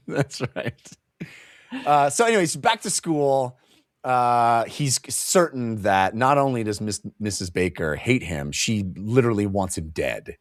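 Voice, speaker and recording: Animated man recapping a book. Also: medium pitch, unhurried, no echo, clean studio sound. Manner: animated, acts out characters' lines while recapping; laughs often while telling. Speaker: podcast co-host. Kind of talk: casual book discussion.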